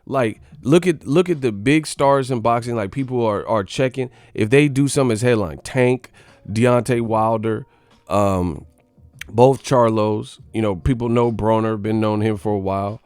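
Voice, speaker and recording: A man's voice: fairly low pitch, normal speed, darkish tone, clear, resonant tone, no echo. A man doing a profane, mocking casual rant about boxing as the show's commentator. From United States.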